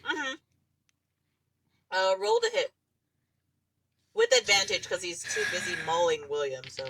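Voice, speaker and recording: A woman running a tabletop game as game master, laid-back and giggly, with fillers and halting pauses. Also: mid-range voice, wildly swooping pitch, gravelly, a bit bright, recorded from a distance, a little hiss or hum, low-quality recording.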